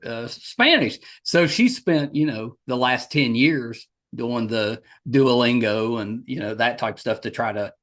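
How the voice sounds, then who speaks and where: This middle-aged podcast host has a West Virginia accent and a medium-pitched, fairly bright voice. He's animated and enthusiastic in a casual interview chat, speaking at a measured pace with few pauses but often repeating himself and restarting sentences.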